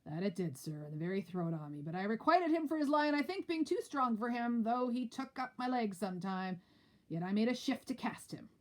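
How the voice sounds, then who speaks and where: A woman's voice: fairly high pitch, animated, a little fast, pitched above the performer's own voice, close to an everyday voice. Woman reader as hungover porter; jokey bragging. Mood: boastful. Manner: jokey, boastful. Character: boastful hungover male porter.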